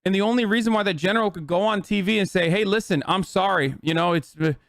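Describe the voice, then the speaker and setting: A man's voice: high-pitched, rapid-fire, no echo, clean studio sound. A man in his thirties streaming, ranting heatedly about politics to his chat, emphatic, profane and repetitive.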